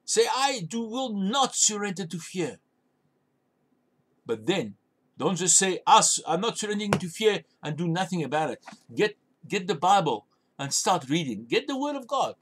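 High-voiced man preaching emphatically. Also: sing-song, a little slow, a bit bright, a little hiss or hum. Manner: emphatic, repetitive exhortation. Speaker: pastor. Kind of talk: sermon.

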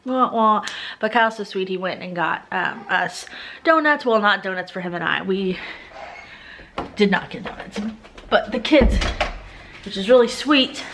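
A young woman chatting on a casual family vlog, animated and gushing, often laughing. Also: medium pitch, unhurried, long pauses, slight background noise. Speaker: family vlogger.

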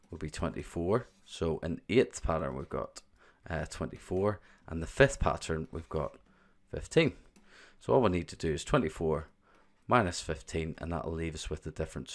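A man talks through revision test questions one step at a time, like a teacher at the board. His voice is low and steady. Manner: step-by-step explaining. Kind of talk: exam revision walkthrough.

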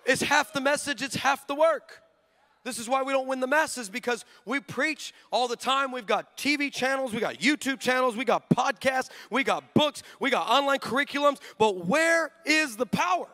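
A male pastor preaching a sermon, telling stories with lively energy, acting out the people in them, and bursting into shouts. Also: very high-pitched, normal speed. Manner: acts out the people in his stories.

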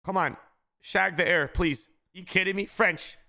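Excitable young-sounding male gaming streamer. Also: high-pitched, measured pace, gravelly. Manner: excitable, shouts at big pack pulls; talks to chat, says bro a lot. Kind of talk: casual live-stream commentary.

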